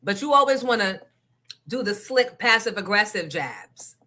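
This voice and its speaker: A woman's voice: mid-range voice, expressive, normal speed, sharp tone. A woman host ranting to her listeners in a blunt, profane, confrontational way. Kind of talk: casual rant to listeners.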